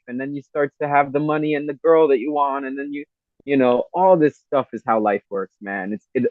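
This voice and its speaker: A medium-pitched man's voice comes through a tinny, phone-like line with no room sound. A podcast guest in a casual interview, he gives earnest, rambling spiritual advice sprinkled with "you know" and "man."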